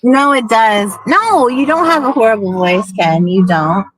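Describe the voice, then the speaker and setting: A woman's voice: a little high, expressive, measured pace. A middle-aged woman from Portland hosting a casual chat, blunt and profane, laughing often. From Portland, USA. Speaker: host.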